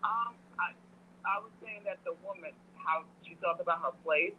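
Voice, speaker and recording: A woman's voice: lowish voice, normal speed. A woman joining a casual book discussion by call. She speaks hesitantly and often restarts her thoughts. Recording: tinny phone line with faint noise.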